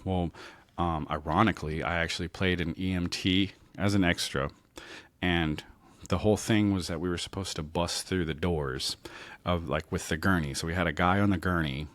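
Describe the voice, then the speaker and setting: A man's voice: low voice, steady tone, normal speed, fairly bright tone, no room sound. A man in his thirties from New Orleans, telling stories from his life in a rambling way with many fillers and restarts. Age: 30s. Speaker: podcast host. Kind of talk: casual storytelling monologue.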